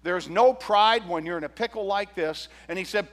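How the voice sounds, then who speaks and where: A male pastor preaching a sermon, retelling a parable with animated, humorous storytelling. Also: high voice, moderate pace, hardly any pauses, long reverb tail.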